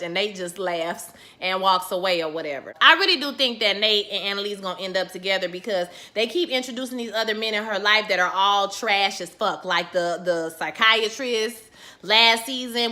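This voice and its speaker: A woman giving a casual, sassy recap of a TV episode, full of profanity and animated storytelling as she acts out quoted lines in her own voice. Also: mid-range voice, moderate pace. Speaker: TV recap vlogger.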